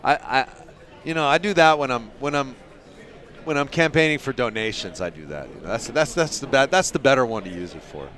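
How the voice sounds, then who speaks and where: Lively, chatty male pool commentator. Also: medium pitch, fairly quick. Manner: chatty, joking with viewers, laughs often. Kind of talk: casual live play-by-play commentary.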